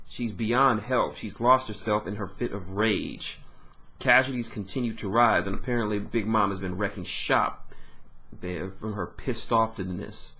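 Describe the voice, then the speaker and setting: Low-voiced man rambling through a recap. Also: unhurried, pushed and bright. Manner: rambling, informal, self-correcting. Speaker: manga reader and recapper. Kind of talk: casual chapter recap.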